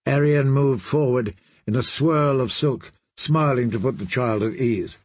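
A man's voice: mid-range voice, normal speed, a little mellow, slightly rough, no echo. A man narrating an audiobook, reading expressively and giving every character a voice.

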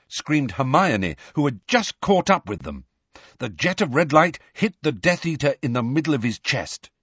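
A man narrates an audiobook with an expressive, dramatic reading and a lively, rising and falling voice. His tone is husky, and the recording is dry and slightly dull. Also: medium pitch, no room sound. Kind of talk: scripted narration.

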